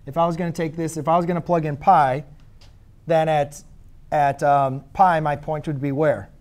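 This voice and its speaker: Male math teacher, slightly higher voice, conversational classroom lecture, asks students questions, corrects himself. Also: little pitch movement, normal speed, darkish tone.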